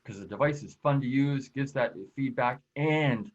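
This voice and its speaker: A man's voice: mid-range voice, moderate pace. Casual man presenting over dull audio. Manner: casual, friendly, with frequent fillers. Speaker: productivity expert and presenter. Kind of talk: webinar presentation.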